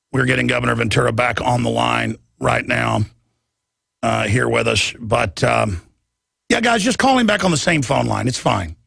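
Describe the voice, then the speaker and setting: A man hosting a talk radio show, excitable and stammering through restarts. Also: mid-range voice, creaky, husky, no room sound, clean studio sound.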